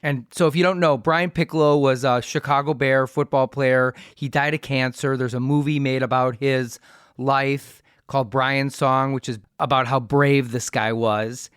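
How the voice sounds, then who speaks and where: A man's voice: medium pitch, steady tone, normal speed, fairly bright tone, smooth, dry recording. A middle-aged man hosts a podcast, his mid-range voice chatty as he rambles through anecdotes. The sound is dry and close, with no room around it. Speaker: podcast host. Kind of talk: casual chat.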